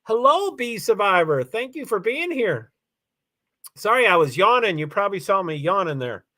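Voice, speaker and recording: A man's voice: high-pitched, very animated, moderate pace, sharp tone. A tired man hosting a casual livestream, rambling with many fillers as he reads out names and chats to viewers. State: tired, yawning. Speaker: livestream host.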